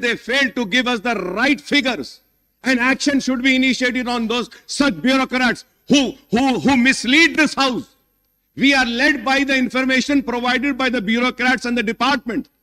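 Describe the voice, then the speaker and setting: A man's voice: extremely high pitch, sharp tone. A middle-aged man with an Indian English accent giving an emphatic speech in a legislative assembly debate. He keeps addressing the chair as "sir" and moves between English and Hindi. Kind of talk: parliamentary speech. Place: large legislative chamber. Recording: long hall reverb.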